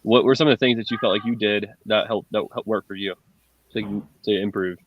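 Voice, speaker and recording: A male host chats loosely, with plenty of fillers. His voice is a bit low. The sound is dry and dull, like lo-fi call audio. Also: fairly even intonation, a little fast, no echo. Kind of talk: casual interview chat.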